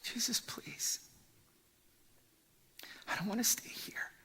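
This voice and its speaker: A man voicing a desperate man freed from demons in a whispered role-play, breathy and pleading. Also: takes it slowly, pushed and bright.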